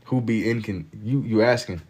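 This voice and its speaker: Young guy streaming, real low voice, chill slangy banter w chat. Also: normal speed, a little mellow, husky. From Kentucky. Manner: laid-back slang-heavy banter, reading and answering chat. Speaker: livestreamer. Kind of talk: casual chat with live viewers while drawing.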